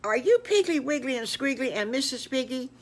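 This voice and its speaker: An older woman voicing a friendly young alligator fellow, greeting new friends with a bright, raised, eager voice. He swoops up and down as he speaks, with a gravelly edge, a homespun children's storybook voice. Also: high voice, expressive, a little fast, voice pushed up. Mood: cheerful.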